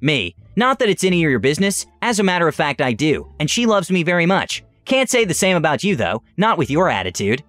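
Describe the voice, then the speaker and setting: A man's voice: a little high, big pitch swings, brisk, hardly any pauses, a bit bright, no echo, clean studio sound, faint music behind. A man voicing a fed-up shopper who keeps insisting he is not an employee, with emphatic, exasperated retorts. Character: fed-up large man shopper, non-confrontational but angry.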